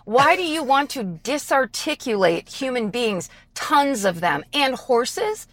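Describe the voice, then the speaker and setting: Brief: woman, comedy podcast co-host, lively and quick to laugh, dry close sound. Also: high voice, no room sound. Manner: animated, laughs often, quick asides. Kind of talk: casual comedic chat.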